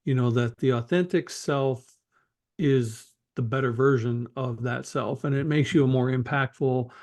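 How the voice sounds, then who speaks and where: A man's voice: mid-range voice, measured pace, darkish tone. A man hosting a podcast, speaking earnestly and reflectively and restarting his phrases as he thinks aloud. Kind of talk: casual conversation.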